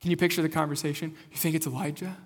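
A young-adult man from rural Kansas, a lead pastor giving a conversational, animated sermon and asking the congregation questions. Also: fairly high pitch, rapid-fire. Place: church sanctuary. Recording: long hall reverb.

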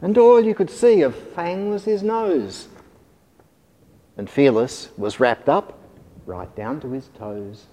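A man reading a rhyming children's story aloud in an expressive, sing-song manner. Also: on the high side, slow pace, a little hiss or hum. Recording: long hall reverb.

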